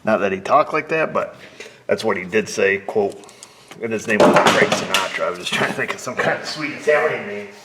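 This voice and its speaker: Joking mechanic talking through a repair. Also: male voice, fairly low pitch, brisk, noisy background. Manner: joking, rambling, talks to himself while working; drops to a whisper up close. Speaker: auto mechanic. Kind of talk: casual work narration. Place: auto repair shop bay.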